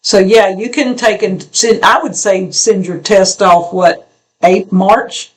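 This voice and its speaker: A woman co-hosting a homestead channel, rambling in a folksy way through viewer comments with halting restarts. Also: medium pitch, fairly even intonation. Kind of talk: casual porch chat reading viewer comments.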